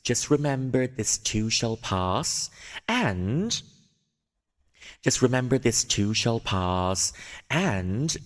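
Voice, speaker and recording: A man voicing a male Qilin spirit in a mock newscaster manner, proclaiming blessings to shoppers, with a long reverb on the recording. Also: lowish voice.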